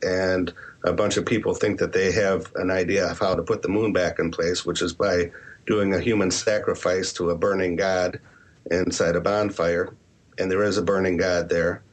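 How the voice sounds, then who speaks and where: Low-voiced man answering interview questions. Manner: candid, rambling with self-deprecating asides. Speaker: author and podcaster.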